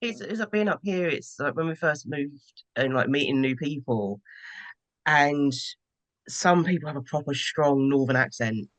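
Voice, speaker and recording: A woman's voice: low voice, measured pace, no echo. A woman on a podcast panel, chatting animatedly with frequent laughter. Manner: giggly, animated storyteller. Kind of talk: casual panel chat.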